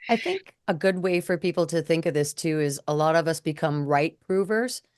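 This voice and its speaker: A middle-aged woman co-hosting a candid conversation, blunt and animated as she tells stories. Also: sits low, normal speed, dry recording, clean studio sound. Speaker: co-host.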